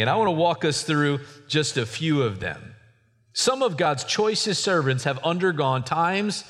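Animated male preacher in a reverberant hall. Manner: animated preaching, swinging between soft asides and sudden high emphasis. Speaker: pastor. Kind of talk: sermon.

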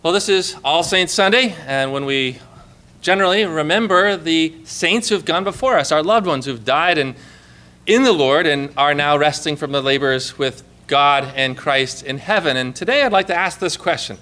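A man's voice: fairly high pitch, moderate pace, pushed and bright. A man preaching to his congregation in a conversational sermon, asking rhetorical questions and reading scripture aloud. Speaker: pastor.

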